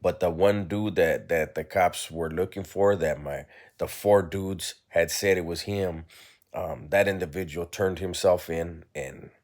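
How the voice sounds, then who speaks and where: Man, very deep voice, candid and reflective personal storyteller, blunt and unpolished. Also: steady tone, unhurried, darkish tone. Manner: blunt, reflective, peppers speech with "right?" and "you know".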